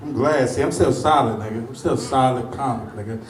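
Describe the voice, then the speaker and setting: A man's voice: medium pitch, fairly quick, a little hiss or hum. A man doing a stand-up comedy set in a club, telling profane stories and acting out other people's lines. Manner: profane, storytelling, acts out voices. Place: comedy club stage before a crowd. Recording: roomy club sound, mic at a distance, crowd laughter.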